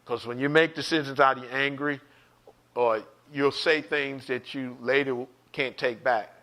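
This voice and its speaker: A man preaching an online Bible study, animated, repeating words and calling out to his listeners. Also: mid-range voice, measured pace. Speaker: pastor teaching a Bible study.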